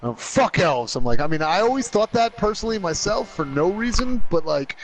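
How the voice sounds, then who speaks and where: A man co-hosting casual video game commentary, excitable and rambling, swearing freely. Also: sits high, a little fast, soft background music, poor audio. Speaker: podcast host and co-commentator. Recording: faint background noise.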